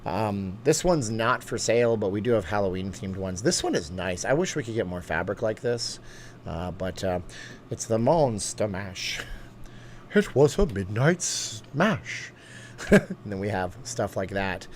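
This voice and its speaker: A man hosts a casual live-stream chat, rambling from one topic to the next with quick asides and laughs. His voice is lowish and animated, with slight background noise.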